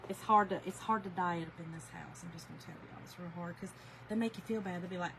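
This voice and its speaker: A woman from Georgia with a Southern US accent, chatting casually with viewers as a crafting livestream host, folksy and quick to laugh. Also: lowish voice, creaky, fairly bright tone, slight background noise, poor audio.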